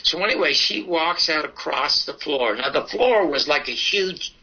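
A man's voice: fairly high pitch, moderate pace, highs cut off, slight background noise. An older man telling stories in an interview, acting out the dialogue in his anecdotes. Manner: animated, acts out dialogue in his story. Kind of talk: anecdotal storytelling.

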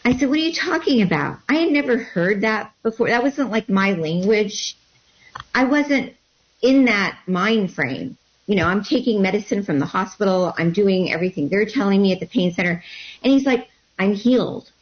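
A woman guest telling a personal story in an interview, animated and acting out what people said. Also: medium pitch, normal speed. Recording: dull lo-fi sound.

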